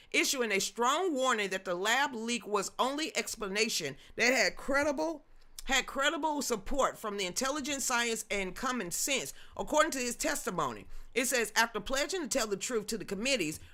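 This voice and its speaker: A woman's voice: a little high, expressive, normal speed, bright, forceful tone. Emphatic grandmother hosting a commentary stream. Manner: emphatic, rambling, talks back to chat. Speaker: news commentary host. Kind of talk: livestream commentary reading chat.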